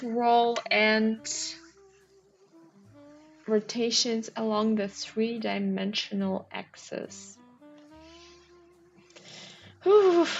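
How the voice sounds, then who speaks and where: Here a streamer works through a crossword out loud, her fairly high, creaky voice pausing on clues and hesitating with many ums as she ponders answers. The audio is dull and lo-fi, and soft music can be heard faintly.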